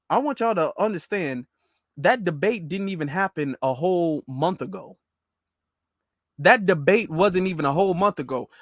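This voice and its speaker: A male commentator reacts to the news in a mocking, slangy, animated way. His voice sits high. The sound is dry and close. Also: dry recording. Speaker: political commentator. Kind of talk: casual political commentary.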